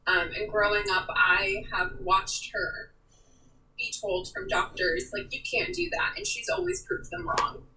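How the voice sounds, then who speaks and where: A young woman speaking as an interview guest, animated and emotional, acting out quoted lines as she talks. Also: medium pitch, unhurried, far from the mic, a little hiss or hum, rough recording. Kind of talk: candid interview talk.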